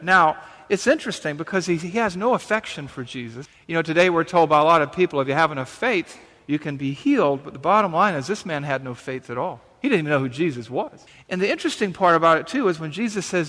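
A pastor giving a sermon, reading scripture and then explaining it in a conversational, emphatic way with repetitions. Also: male voice, fairly high pitch, lively intonation, fairly quick, fairly bright tone, long reverb tail.

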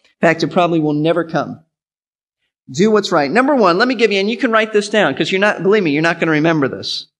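A man's voice: high-pitched, expressive, quick pace, a bit bright. A male pastor giving an earnest sermon, teaching in an instructive way and repeating his key points.

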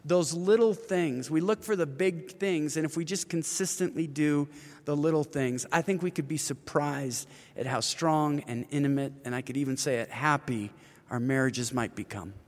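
A man's voice: a little high, normal speed. Earnest man in his fifties, roomy reverb. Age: 50s. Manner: earnest storyteller, acts out quoted voices. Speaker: author and ministry leader. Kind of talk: interview conversation.

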